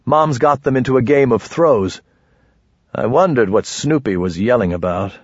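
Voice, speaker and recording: A man's voice: mid-range voice, lively intonation, normal speed, breathy edge, no echo, dull audio. A man voicing a young adult son, nervous but eager, speaking lightly.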